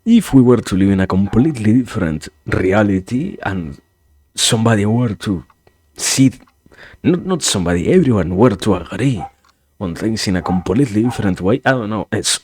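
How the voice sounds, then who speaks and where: A man streaming, thinking aloud in a rambling, philosophical monologue, halting with many restarts and self-corrections, in a wry, musing way. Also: fairly low pitch, lively intonation, a little mellow, slightly rough, no echo. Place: home streaming setup.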